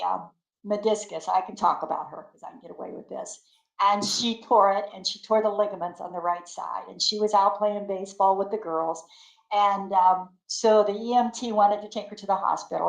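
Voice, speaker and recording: An older woman spins homey anecdotes with gusto, her voice mid-pitched and lively as she acts out what everyone said. She laughs easily between lines. The sound carries the echo of a bare room. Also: normal speed, gravelly. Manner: animated storyteller acting out quotes, laughing often. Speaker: guest. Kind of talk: casual storytelling interview.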